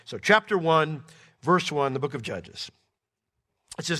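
Middle-aged male pastor, light higher voice, animated expository preaching with big dynamic swings. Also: unhurried, pauses often. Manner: animated, swings from soft to emphatic. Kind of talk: expository Bible teaching.

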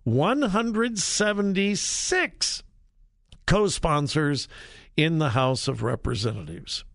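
A man hosting a talk radio show, delivering an opinion monologue deliberately and with emphasis on key words. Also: on the high side, expressive, vocal fry, a bit bright, no echo, clean studio sound.

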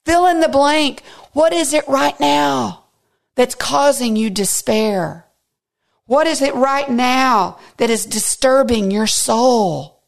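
A woman's voice: high voice, takes it slowly, vocal fry. A woman teaching a devotional Bible study, earnest and intimate, sometimes dropping to a near whisper for emphasis.

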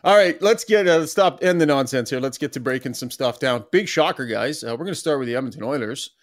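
A man's voice: medium pitch, lively intonation, fast talker. A man hosting a sports podcast, teasing his co-hosts and steering them into the next topic. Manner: joking, teasing, leads the topics. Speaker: podcast host. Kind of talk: casual sports podcast chat.

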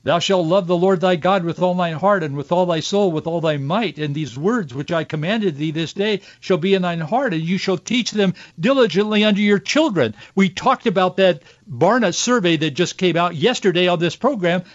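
A man's voice: sits high, moderate pace, few pauses, dry recording. A male radio talk host giving impassioned Christian commentary, earnest and preachy, with an emotional pull. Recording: dull, dry studio sound.

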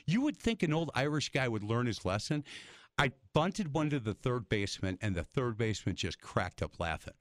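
A man's voice: mid-range voice, moderate pace, dry recording, clean studio sound. An older man hosting a casual radio interview, telling stories and acting out the people in them. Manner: animated storyteller, acts out quotes. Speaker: radio host.

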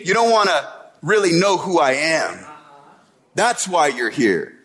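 A man's voice: a little high, very animated, a little slow, fairly bright tone. A man preaching a sermon as the pastor, speaking in a conversational way and often checking in with the congregation. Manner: conversational, retells scenes and tags lines with "right?".

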